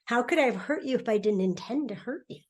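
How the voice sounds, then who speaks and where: A middle-aged woman speaking as a podcast guest in a relaxed conversation, animated and laughing often as she acts out quoted voices. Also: fairly high pitch, fast talker. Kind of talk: conversational interview.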